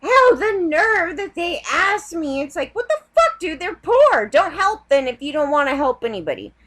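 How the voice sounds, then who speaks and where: A woman's voice: very high-pitched, very animated, moderate pace, a bit bright. A woman vlogger ranting in a heated, rambling way, swearing often. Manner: heated, profane, rambling rant. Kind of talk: ranting vlog.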